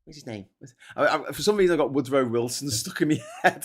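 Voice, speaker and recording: A man's voice: medium pitch, lively intonation, fast. A man from Liverpool hosting a casual livestream chat, rambling and swearing often with frequent restarts. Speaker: host.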